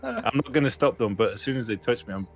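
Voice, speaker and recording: A man's voice: medium pitch, big pitch swings, quick pace, vocal fry, music in the background. Hesitant, laughing male player on a muffled mic. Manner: hesitant, laughing, filler-heavy. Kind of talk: casual chat at a tabletop game.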